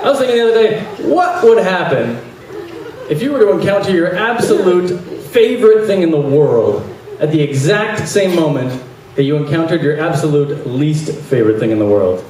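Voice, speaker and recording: Deadpan stand-up comic in an echoey hall. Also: male voice, fairly high pitch, moderate pace. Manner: deadpan one-liners with animated acted-out voices. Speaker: stand-up comedian. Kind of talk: stand-up comedy set. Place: large venue with audience laughter. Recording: echoey live hall, distant mic, noisy.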